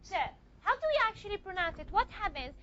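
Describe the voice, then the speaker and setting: A woman's voice: extremely high pitch, sing-song, quick pace, sharp tone, highs cut off. A woman teaching a classroom lecture, repeating and modeling sounds and checking often that students follow.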